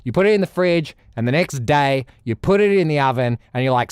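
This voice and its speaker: A young Australian man chatting casually on a music livestream, rambling, with loud bursts and low mutters. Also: fast, few pauses, clean tone, dry recording, studio quality. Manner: animated, rambling, swings between loud outbursts and mutters. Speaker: music streamer.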